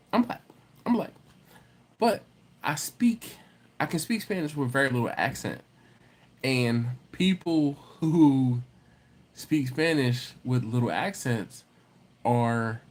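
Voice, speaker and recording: Animated, laid-back man chatting with viewers. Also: mid-range voice. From lives in Baltimore area, not from there. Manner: animated, jokey, greets viewers by name. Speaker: host of a barbecue channel live stream. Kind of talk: casual live chat reading viewer comments.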